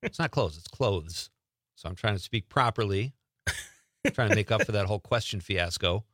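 In a chatty, radio-style show, the male host jokes around and makes self-deprecating cracks. He talks briskly with a fairly low, slightly bright voice. The recording is clean studio sound without echo.

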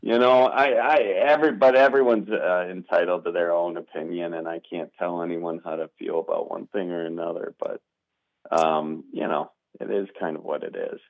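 A man talks loosely as a comedian guest, circling back and restarting his thoughts. His voice sits on the low side. The audio is dull and lo-fi. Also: steady tone, moderate pace, gravelly. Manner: rambling, restarts often, self-deprecating. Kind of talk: casual interview chat.

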